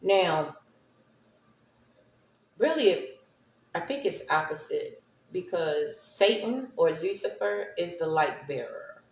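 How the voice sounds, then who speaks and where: Slow, rambling woman in an echoey room. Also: lowish voice. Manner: rambling, keeps asking "right?". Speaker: spiritual talk streamer. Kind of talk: casual spiritual monologue.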